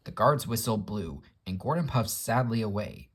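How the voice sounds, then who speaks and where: Husky man reading a storybook aloud. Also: fairly low pitch, expressive, normal speed.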